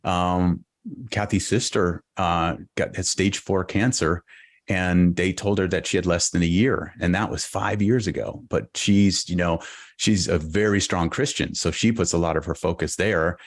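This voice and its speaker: A man's voice: sits low, fairly even intonation, dry recording, studio quality. A man from Boston, a podcast guest, telling a personal story in an earnest, reflective way. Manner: earnest, reflective, halting restarts.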